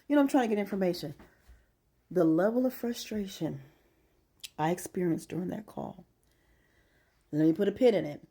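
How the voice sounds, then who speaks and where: A woman's voice: lowish voice, normal speed, long pauses, warm tone, slightly rough. A middle-aged woman vlogger venting in a casual, emphatic monologue and telling her story with exasperation.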